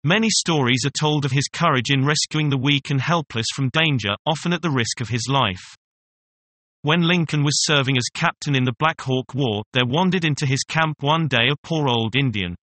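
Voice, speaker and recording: A man reads a story aloud at a steady, measured pace. His voice is bright and sits at a middle pitch. The sound is dry and close. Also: no room sound. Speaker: story reader. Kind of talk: storybook reading.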